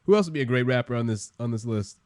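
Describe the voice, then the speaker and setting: A man's voice: mid-range voice, lively intonation, racing, a little mellow. A young man co-hosting a podcast, a loose and slangy storyteller who laughs often. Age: young adult. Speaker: podcast co-host. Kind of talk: casual chat.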